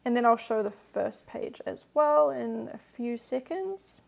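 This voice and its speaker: During a live-streamed language lesson, a woman patiently explains grammar and fields viewer questions, saying "um" and "like" a lot. Her voice is fairly high, animated, slightly slow and creaky.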